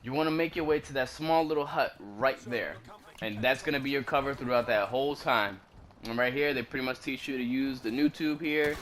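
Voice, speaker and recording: A man's voice: mid-range voice, a little fast, fairly bright tone. A man casually commenting over a video game walkthrough, laid-back and slangy, drifting into rambling asides. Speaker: gaming commentator.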